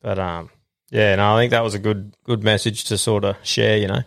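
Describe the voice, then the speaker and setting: A man's voice: lowish voice, fairly even intonation, brisk, vocal fry, a bit bright. An Australian man hosting a podcast, chatting casually and swearing in a laid-back, blokey way. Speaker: podcast host. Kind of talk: casual chat.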